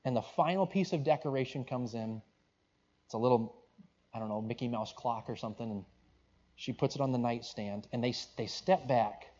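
A man's voice: medium pitch, moderate pace, dark tone. A man preaching, telling a story in a conversational, rambling way with restarts and asides. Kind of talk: sermon storytelling. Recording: dull lo-fi recording.

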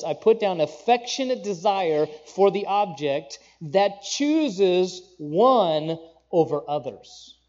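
Guy preaching, chatty and lively, kinda high and mellow, muffled lo-fi sound. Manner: animated, conversational preaching with asides and jokes. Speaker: pastor. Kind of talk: sermon.

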